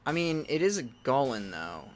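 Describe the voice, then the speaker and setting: A man reading a text adventure game aloud, breaking off into loud startled exclamations, with game music playing behind him. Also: medium pitch, sing-song, normal speed.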